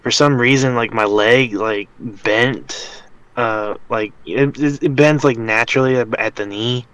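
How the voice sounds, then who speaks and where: A young man co-hosts a casual podcast and tells a rambling story, full of fillers and restarts. His voice sits at an ordinary middle pitch for a man. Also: unhurried, a bit bright, smooth, dry recording, poor audio. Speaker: podcast co-host. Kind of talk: casual chat.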